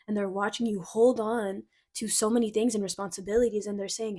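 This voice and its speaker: A young woman doing a casual intuitive card reading, excitable and giggly, gushing and a bit flustered, full of "like" fillers. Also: medium pitch, fairly quick, few pauses, husky. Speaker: tarot card reader.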